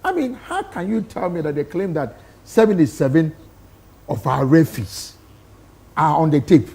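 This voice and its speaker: Emphatic Ghanaian man with a gravelly voice. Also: a little high, sing-song, moderate pace, darkish tone. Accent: Ghanaian English. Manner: emphatic, rhetorical questions. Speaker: studio guest. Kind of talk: impassioned studio debate.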